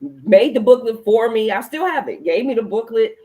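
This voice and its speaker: A woman hosting a casual adult chat, telling stories in an animated way, acting out her own reactions and swearing freely. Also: a little high, normal speed, poor audio. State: recalls being pregnant at the time, not now. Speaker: podcast host.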